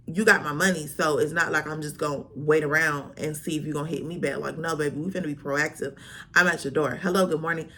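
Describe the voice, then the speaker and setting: A woman vlogger tells a storytime in a sassy, animated way, packed with slang. Her voice sits a little low yet sounds bright and forceful.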